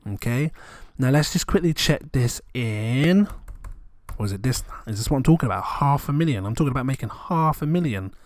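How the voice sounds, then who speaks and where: A man, rambling excitedly and chuckling often as he talks through numbers in a casual vlog. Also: mid-range voice, a little fast, no room sound. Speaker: crypto vlogger.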